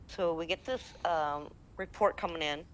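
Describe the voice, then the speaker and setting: A woman from the American Midwest, a game server admin, telling a lively story in casual chat and acting out the quotes. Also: low voice, normal speed, slight background noise. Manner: lively, laughing, acts out quotes.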